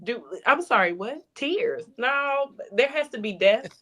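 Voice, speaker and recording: A woman in casual conversation, telling stories with lively acted-out dialogue. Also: sits high, a little slow. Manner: animated storyteller, acts out quoted dialogue. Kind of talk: casual chat.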